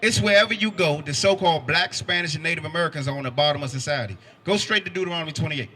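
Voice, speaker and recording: A man's voice: on the high side, racing. A man preaching on a city street, firing pointed questions at passersby. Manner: forceful, quizzes listeners with pointed questions.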